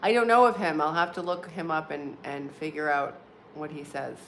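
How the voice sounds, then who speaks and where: A woman's voice: low-pitched, fairly even intonation, moderate pace, fairly bright tone. A woman in her forties hosting a casual livestream from home, chatting with viewers, laughing often and filling with "like" and "um". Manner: chatty, laughs often, uses many fillers. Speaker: livestream host. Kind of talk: casual live-stream chat with viewers. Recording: clear background noise.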